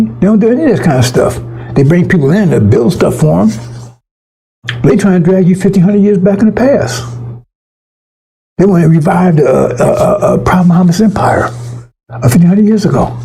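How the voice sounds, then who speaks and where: A man's voice: high voice, gravelly, warm tone, slightly rough, poor audio. A man preaching an informal, fiery sermon to his congregation, emphatic and profane, often stumbling and restarting his words.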